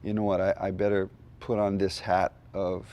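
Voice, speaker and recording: A man's voice: low-pitched, flat delivery, moderate pace, a little mellow. A man, a comedian guest sharing an earnest testimony with dry, self-deprecating jokes. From Hawaii. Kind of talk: candid testimony in a chat.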